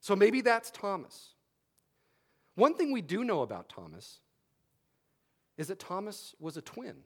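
A man preaching a sermon, repeating key phrases for emphasis and adding wry humorous asides. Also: high voice.

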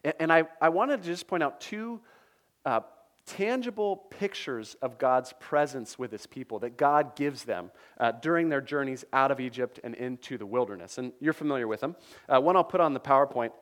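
A man preaching a sermon to a congregation, animated, speaking the lines of Bible figures in his own voice and adding quick asides to the listeners. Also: mid-range voice. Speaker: pastor.

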